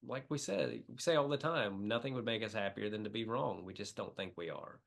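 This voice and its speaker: A man's voice: on the low side, a little fast, gravelly. A middle-aged man from the Midwest, a comedian talking as a podcast guest, telling emotional stories with many fillers. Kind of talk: casual interview chat.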